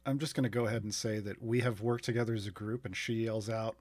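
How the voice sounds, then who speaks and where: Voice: medium pitch, fairly even intonation, fast talker, darkish tone. A player in a casual tabletop game, joking dryly and talking through their moves.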